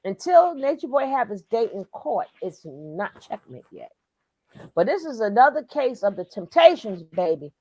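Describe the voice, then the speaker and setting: An older woman hosting her own channel, chatting casually with loud, animated bursts. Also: a little high, moderate pace, husky, dry recording. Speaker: channel host. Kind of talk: casual commentary chat.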